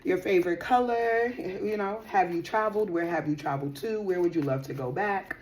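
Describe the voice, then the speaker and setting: A woman's voice: fairly low pitch, a little fast, a little mellow, slight background noise. A woman giving a casual tarot reading to her viewers. She talks in a chatty, slangy, playful way and laughs often. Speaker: tarot reader.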